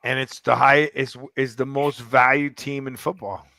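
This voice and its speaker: A man hosting a casual sports podcast, talking in an animated, rambling way with many restarts. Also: mid-range voice, normal speed, creaky, dry recording. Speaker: podcast host. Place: club in downtown Fort Lauderdale.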